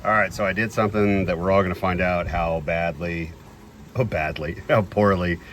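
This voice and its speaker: A man's voice: low voice, fairly even intonation, moderate pace, fairly bright tone, slight background noise. A man in a casual cooking vlog, chatty and self-deprecating, thinking aloud as he grills outdoors. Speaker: home cook.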